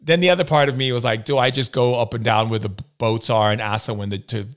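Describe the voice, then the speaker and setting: A man's voice: medium pitch, fairly even intonation, fast talker, smooth. A man from the United States, a spiritual healer as interview guest, telling stories and acting out the voices he quotes. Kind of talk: storytelling in a conversation.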